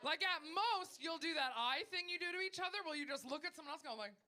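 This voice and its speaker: A woman's voice: extremely high pitch, lively intonation, fast talker, background noise. A woman with a North American accent performing a brash, crude stand-up set on a comedy club stage. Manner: brash, crude and self-mocking.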